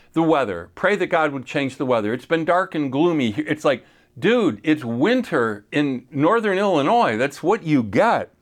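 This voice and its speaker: A male pastor preaching a sermon in a conversational way, with playful asides and frequent restarts. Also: mid-range voice.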